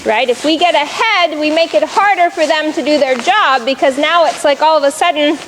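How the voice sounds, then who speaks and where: High-voiced woman coaching a riding lesson. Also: normal speed, a bit bright, slight background noise, poor audio. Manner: instructive, encouraging, calls out cues. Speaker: riding instructor.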